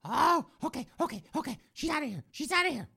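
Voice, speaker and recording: A man voicing a whiny, desperate young man who begs in a high, pleading voice. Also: very animated, quick pace, gravelly, bright, forceful tone, exaggerated voice. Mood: eager. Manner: high, pleading, repetitive whimper.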